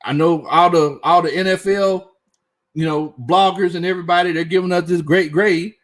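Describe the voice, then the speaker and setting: A man's voice: high voice, steady tone, normal speed. A young man hosts a casual sports live stream. He reads chat comments aloud, laughs often and talks in loose, slangy fashion.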